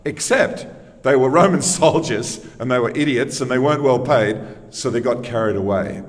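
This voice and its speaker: A man's voice: mid-range voice, moderate pace. Man, sermon, conversational, rhetorical questions, echoing church hall. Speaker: preacher.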